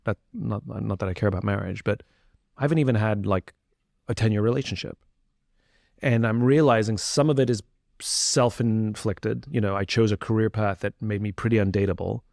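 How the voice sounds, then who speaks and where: A man's voice: on the low side, normal speed, vocal fry, a little mellow, no room sound. Middle-aged man, candid podcast guest, thinking aloud with many restarts; dry close mic. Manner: reflective, candid, frequent restarts and fillers. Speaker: interview guest. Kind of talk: candid conversational interview.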